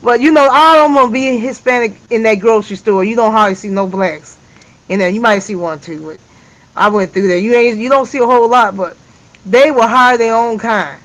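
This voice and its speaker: A man's voice: high-pitched, brisk, fairly bright tone, low-quality recording. A man in a casual live discussion, rambling with frequent laughs and restarts. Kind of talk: casual chat.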